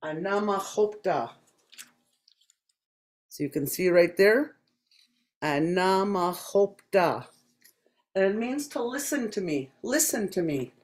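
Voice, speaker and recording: A language teacher from Saskatchewan, Canada, giving a spoken lesson and repeating each word slowly and deliberately. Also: medium pitch, expressive, roomy sound.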